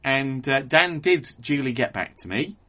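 A man co-hosting a podcast, discussing a film in a measured, analytical way with frequent hedging fillers. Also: mid-range voice, animated, sharp tone. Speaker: podcast co-host.

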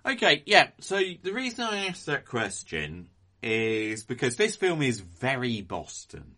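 A man co-hosting a podcast, discussing a film in a measured, analytical way with frequent hedging fillers. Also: mid-range voice, wildly swooping pitch, bright, forceful tone. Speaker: podcast co-host.

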